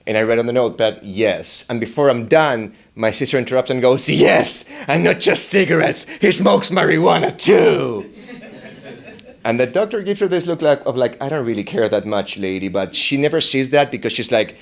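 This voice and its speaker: A young man telling a personal story, wry and self-mocking, jumping into high, excited voices when he quotes himself. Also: fairly quick, few pauses. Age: young adult.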